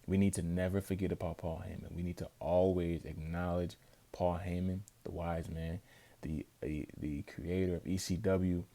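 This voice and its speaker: A man reviewing a wrestling event in a casual vlog, telling it with excited emphasis. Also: deep voice, normal speed. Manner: excitable, emphatic, animated storytelling.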